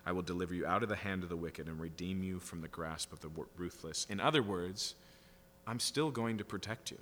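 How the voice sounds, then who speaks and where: Bright-voiced man preaching in a reverberant hall. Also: deep voice, fairly quick, slight background noise. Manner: reads scripture aloud and paraphrases it conversationally, with frequent "right?" asides. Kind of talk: sermon, Bible teaching.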